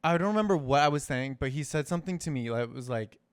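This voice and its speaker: A man's voice: a little high, lively intonation, fast, clear, resonant tone, no room sound, studio quality. A man co-hosting a podcast in casual chat, laid-back and hesitant with many fillers. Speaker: podcast co-host.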